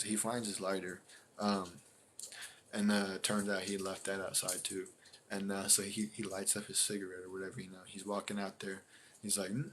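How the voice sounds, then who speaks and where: A man's voice: fairly low pitch, a bit bright, slight background noise. A man casually telling a story to his live stream audience, rambling with lots of fillers and acting out other people's reactions.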